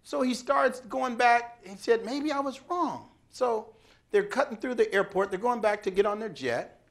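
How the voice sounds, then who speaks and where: A man giving a speech, telling a story in an animated, dramatic way. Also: high voice, normal speed, gravelly. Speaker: speaker.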